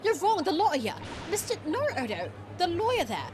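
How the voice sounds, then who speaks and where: Woman doing a shrill, frantic courtroom witness. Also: wildly swooping pitch, normal speed, exaggerated voice. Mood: indignant. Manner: shrill, pleading, rising to yells. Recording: game music behind.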